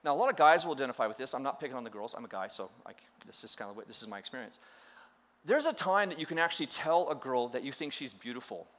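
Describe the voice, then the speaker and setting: Middle-aged male pastor, animated sermon storyteller, pitch rising and falling freely, joking at his own expense. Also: fast talker. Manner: storytelling with playful acted quotes and self-deprecating humor.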